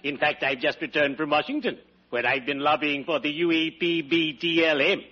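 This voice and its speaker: An actor playing a wisecracking undertaker who trades in morbid puns, with a sly, chuckling delivery in a 1940s radio sitcom. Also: male voice, fairly high pitch, steady tone, moderate pace. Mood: wry. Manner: sly, punning, chuckling at own jokes. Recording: dull old radio recording with loud hiss.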